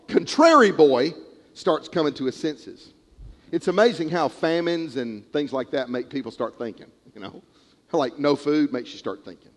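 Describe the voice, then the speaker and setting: A male preacher tells a parable during a sermon, storytelling with animated energy and acting out the characters. His voice is high for a man, and each phrase trails off into the long reverb of a large hall.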